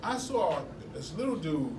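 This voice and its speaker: A man telling animated stories to a seminar class, laughing often as he talks. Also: on the high side, measured pace. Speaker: martial arts seminar instructor. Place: indoor seminar room at a convention. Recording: echoey room, distant from mic, background noise.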